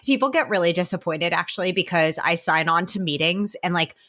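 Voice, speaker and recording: Podcast guest: American woman, casual and animated, quick to laugh. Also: on the low side. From United States. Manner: chatty, laughs often, animated. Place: home office with windows open.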